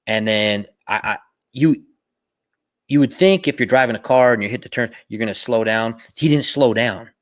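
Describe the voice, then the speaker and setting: A man's voice: mid-range voice, moderate pace. A middle-aged man co-hosting a podcast, telling a story in casual chat. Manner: storytelling, animated retelling. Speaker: podcast co-host.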